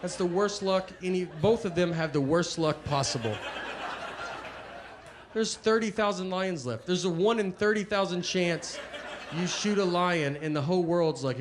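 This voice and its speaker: A stand-up comedian who rambles through his bits in a dry, deadpan manner, his voice pitched a little above most men's. Clear noise from the room sits behind him throughout. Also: normal speed. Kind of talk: stand-up routine.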